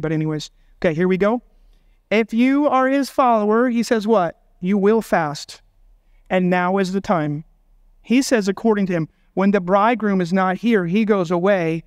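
A man's voice: sits high, clean tone, no echo, clean studio sound. A man preaching a sermon as pastor, emphatic and full of rhetorical questions.

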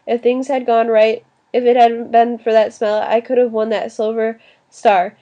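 A woman reading the lines of a quiet, withdrawn young male war veteran in an audiobook, with short subdued replies. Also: a little high, flat delivery, normal speed, lo-fi sound, lightly acted. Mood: wistful.

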